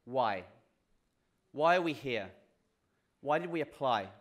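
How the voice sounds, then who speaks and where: A man's voice: medium pitch, lively intonation, slow, fairly bright tone. A young man with a British accent giving a graduation class day speech, earnest with self-deprecating jokes and frequent restarts. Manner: restarts and repeats words. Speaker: graduating student speaker.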